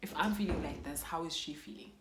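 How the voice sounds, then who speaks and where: A woman's voice: low-pitched, fast, roomy sound, background noise. A young woman from South Africa with a South African accent tells an emotional personal story for her vlog, slipping Xhosa phrases into her English. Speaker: YouTuber.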